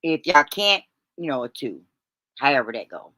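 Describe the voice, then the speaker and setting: A woman's voice: rumbling low, very animated, moderate pace, pushed and bright, no echo, studio quality. A middle-aged woman hosts a casual live stream, calling viewers honey and baby, with folksy slang and lots of restarts.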